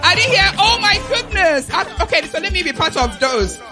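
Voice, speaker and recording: A Nigerian woman hosting an alumni event on a handheld mic, playful and teasing as she calls for shouts from the crowd. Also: very high voice, big pitch swings, a little fast, music in the background.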